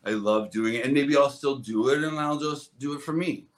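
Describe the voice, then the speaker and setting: A hairdresser appears as a guest on a podcast, a man with a medium-pitched voice speaking at a moderate pace. His casual storytelling is earnest and rambling, full of restarts.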